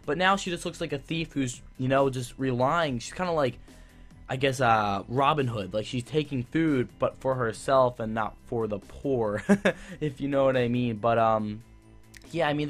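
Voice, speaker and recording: A man's voice: medium pitch, normal speed, fairly bright tone, soft background music. Chatty young man with a rambling review. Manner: rambling and enthusiastic, many fillers and restarts. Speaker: YouTube TV reviewer. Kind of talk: casual spoken review.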